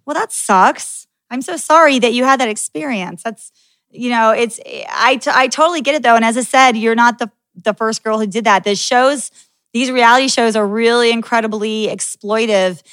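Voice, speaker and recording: A woman's voice: fairly high pitch, normal speed, fairly bright tone, dry recording. A woman hosting a podcast, chatting candidly with a guest, laughing often and swearing freely. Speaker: podcast host. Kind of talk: casual interview chat.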